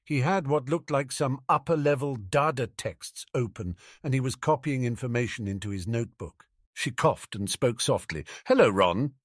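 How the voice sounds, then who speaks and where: A man narrating a fan fiction audiobook with expressive storytelling. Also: medium pitch, normal speed, no room sound, studio quality.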